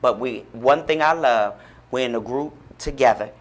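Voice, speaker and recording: A man's voice: medium pitch, normal speed. A man guest on a radio talk show, speaking in a fervent, encouraging, preacherly way about faith and support. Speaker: guest, author and pastor-like speaker. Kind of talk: radio interview, inspirational talk. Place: radio studio.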